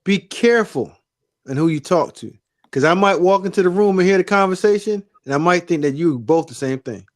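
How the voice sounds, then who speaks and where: High, lively man teasing a friend. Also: brisk. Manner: playful teasing, mock-serious. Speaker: co-host. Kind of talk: casual show banter.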